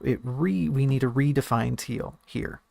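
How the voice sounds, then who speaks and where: A man's voice: medium pitch, a little slow, creaky, darkish tone, dry recording. A man who writes and streams, talking casually and thinking aloud about a story draft, often restarting and correcting himself.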